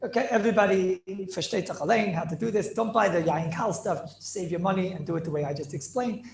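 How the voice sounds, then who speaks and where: A man teaching a lively Torah class as a rabbi, playful and theatrical, mixing in Yiddish and Hebrew terms. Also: sits high, fast, creaky, reverberant, background noise.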